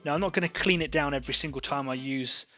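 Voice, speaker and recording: A man with a highish, bright, forceful voice talks quickly while hosting an online painting club, soft music playing behind him. It's a casual live-stream demo in which he chats and thinks aloud while airbrush painting.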